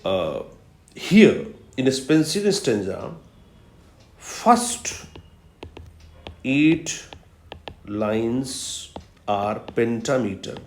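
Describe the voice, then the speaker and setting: A man giving a recorded literature lecture, explaining patiently and repeating key terms slowly for emphasis. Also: mid-range voice, very animated, darkish tone. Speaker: literature professor. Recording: roomy echo.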